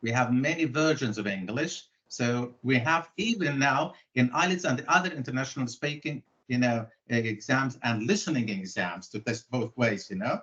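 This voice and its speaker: Measured man discussing English varieties. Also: medium pitch, fairly bright tone, dull audio. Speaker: English language expert. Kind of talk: discussion in an online exchange.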